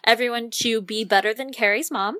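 Woman, podcast co-host, playful deadpan, bright voice, somewhat high. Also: no echo, clean studio sound. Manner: playful, quick deadpan replies. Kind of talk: casual podcast chat. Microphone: remote recording, separate apartments.

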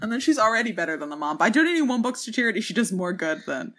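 A woman's voice: mid-range voice, very animated, a bit bright. A woman co-hosting a podcast remotely, chatting casually with jokey asides. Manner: bubbly, jokey, fast asides. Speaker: podcast co-host. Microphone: remote recording, separate apartments.

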